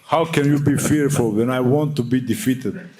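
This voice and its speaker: A man's voice: mid-range voice, normal speed, over music. A young man answering at a boxing press conference, fiery, defiant and full of swearing.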